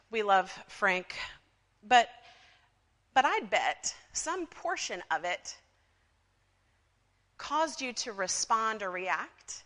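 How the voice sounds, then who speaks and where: Bright-voiced woman pastor preaching. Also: medium pitch. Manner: conversational, with frequent asides to the congregation. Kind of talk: sermon with storytelling. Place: church sanctuary. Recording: long reverb of a church sanctuary.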